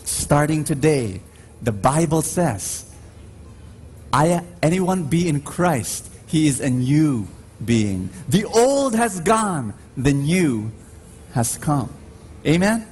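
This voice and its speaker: A man with a Filipino accent preaches in a slow, deliberate cadence, his fairly high voice leaping up on each emphatic line. It comes from a radio live stream of a church service, with a faint hiss of noise underneath. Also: very animated, darkish tone. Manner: slow, emphatic preaching with big pitch swings. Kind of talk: sermon.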